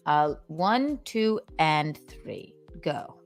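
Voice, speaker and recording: A woman's voice: deep voice, sing-song, extremely slow, faint music behind. A woman from South Carolina hosting a call-in podcast, speaking in a mock-posh transatlantic drawl and calling people darling. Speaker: podcast host. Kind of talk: casual call-in chat.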